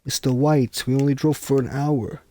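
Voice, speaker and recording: A man's voice: mid-range voice, steady tone, normal speed, mellow, dry recording, pitched above the performer's own voice, lightly acted. Man doing a whiny young sidekick, Jesse. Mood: confused. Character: jittery young male sidekick, confused and whiny.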